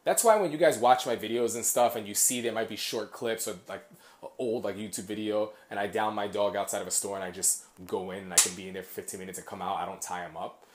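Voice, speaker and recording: Rambling dog trainer explaining casually. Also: male voice, lowish voice, fairly even intonation, quick pace. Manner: rambling, many fillers and restarts. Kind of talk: casual instructional talk. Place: apartment.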